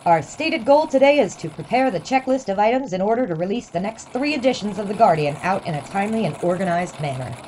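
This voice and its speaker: A woman playing a brisk newspaper editor leading a meeting, businesslike. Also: mid-range voice, animated, noisy background, close to an everyday voice. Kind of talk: audio drama acting.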